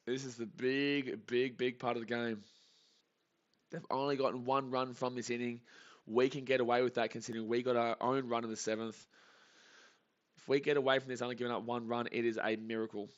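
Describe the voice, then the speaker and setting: A man hosting a live reaction stream, calling pitches anxiously and pleading over and over, tired from an early start. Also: level tone, fairly quick. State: tired, up early without coffee. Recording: dull lo-fi stream audio.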